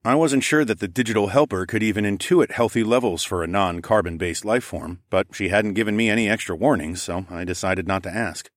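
A man tells a first-person story as an audiobook narrator, in a relaxed and casual manner. His voice sits low, and the recording is dry and close. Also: brisk, hardly any pauses, dry recording.

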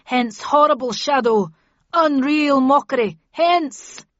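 A woman playing a furious king ranting verse, loud, dry and dull recording. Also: high voice, takes it slowly, no room sound, voice pushed up. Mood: defiant. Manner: declamatory Shakespearean ranting. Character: furious haunted male king facing a ghost.

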